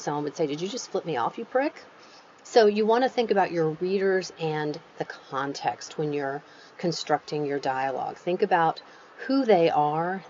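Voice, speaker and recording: Low-voiced woman giving a writing lecture. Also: a little mellow, highs cut off, a little hiss or hum. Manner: conversational, with ums and restarts. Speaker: author teaching a writing workshop.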